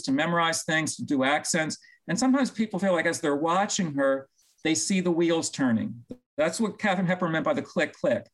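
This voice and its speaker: A man with a somewhat high-pitched voice co-hosts a relaxed talk show. He talks in long, winding stretches and often restarts a thought partway through. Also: low-quality recording. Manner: talkative, long-winded, self-correcting. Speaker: co-host. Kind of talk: casual chat.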